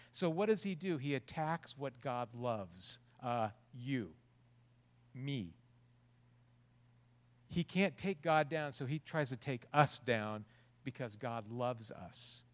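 A man's voice: medium pitch, big-room sound. Earnest male preacher, conversational. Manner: earnest, conversational with rhetorical questions. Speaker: pastor. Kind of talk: sermon.

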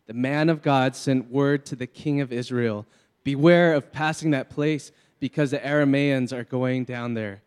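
A man's voice: mid-range voice, normal speed, darkish tone, clean tone. A man reading scripture aloud to lead a group Bible reading in a church hall, now and then joking with the crowd. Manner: reads aloud steadily, jokes with the crowd. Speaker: scripture reader. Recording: long hall reverb.

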